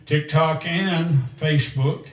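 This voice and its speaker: A man hosting a gospel country livestream, chatting in a folksy, rambling way and reading out viewers' names while a little excited and sweaty. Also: on the high side, slow, lo-fi sound. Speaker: host and singer of a gospel country show. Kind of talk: livestream chat between songs. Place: standing up in a room. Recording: roomy echo, distant mic, guitar music.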